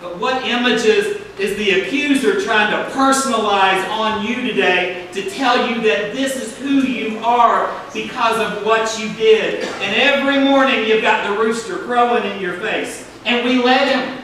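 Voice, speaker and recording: Preaching to a congregation in a church sanctuary, this male pastor has a high, sharp voice that is unhurried yet hardly pauses, and his cadence draws responses from the room. Captured from afar in an echoey hall, the audio has a little hiss or hum.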